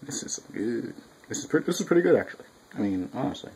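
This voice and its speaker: A man's voice: medium pitch, fast talker, husky, low-quality recording. A young man reviewing a manga chapter in a casual, rambling, profane way, at home with his cat nearby. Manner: profane, rambling, animated quoting.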